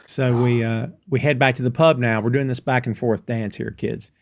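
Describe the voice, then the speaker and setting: A man hosting a casual podcast, retelling scenes in an animated way. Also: medium pitch, moderate pace, gravelly, no echo, studio quality. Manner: animated storyteller recounting scenes. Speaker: podcast host. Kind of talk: casual recap chat.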